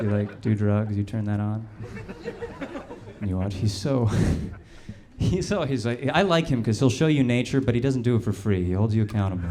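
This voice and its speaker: A man doing a rambling, deadpan stand-up set on a comedy club stage, with the audience laughing. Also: on the low side, brisk, a crowd in the background. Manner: deadpan, rambling, self-deprecating. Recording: loud room noise, live club.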